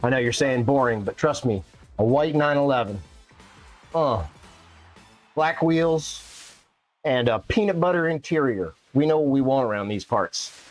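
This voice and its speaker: Male streamer, animated pitch, playful live chat over faint game music. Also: measured pace, long pauses. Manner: playful, chatty, jokes with viewers and pets. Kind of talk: casual live-stream chat while gaming.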